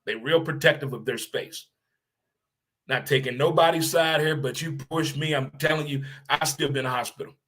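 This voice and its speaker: A man hosting his own podcast, ranting in an animated, blunt way and repeating phrases for emphasis. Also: fairly high pitch, normal speed. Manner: blunt, occasional swearing. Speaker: podcast host. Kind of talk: solo opinion rant.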